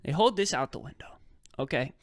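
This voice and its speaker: A young man rants through a comic story on his podcast. His voice swings widely in pitch and the delivery is loose, rambling and slangy. It sounds close and dry, with no room around it. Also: lively intonation, fairly quick, no room sound. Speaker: podcast host. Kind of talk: casual comedic rant.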